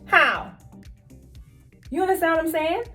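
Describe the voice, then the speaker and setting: A woman's voice: medium pitch, lively intonation, moderate pace, soft background music. A woman who works as a nurse, talking straight to her viewers in an emphatic, casual storytelling vlog. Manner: emphatic, talks straight to viewers, repeats phrases for stress.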